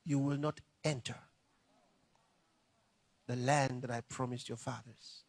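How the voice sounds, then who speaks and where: A man's voice: mid-range voice, fairly even intonation, takes it slowly, darkish tone, no echo, pitched below the performer's own voice. A man voicing God as a stern male judge giving a final verdict.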